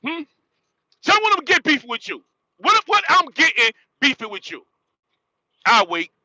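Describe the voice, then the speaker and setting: A man in his late forties from northern New Jersey rants on a casual livestream from inside his truck cab, his voice pitched very high and strikingly sharp and bright. He talks in emphatic street slang and circles back to the same points again and again. The sound is dry and close, with no room echo. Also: wildly swooping pitch, normal speed. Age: 40s.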